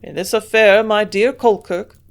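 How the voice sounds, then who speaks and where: A woman voicing a gruff old male German scientist with a strong German accent, grunting out his lines louder than her narration. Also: medium pitch, moderate pace, close to an everyday voice. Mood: insistent.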